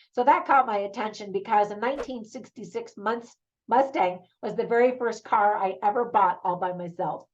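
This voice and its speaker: A woman's voice: mid-range voice, darkish tone, lo-fi sound. A middle-aged woman giving a chatty, opinionated movie review in a casual spoken style. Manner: chatty, opinionated, laughs easily.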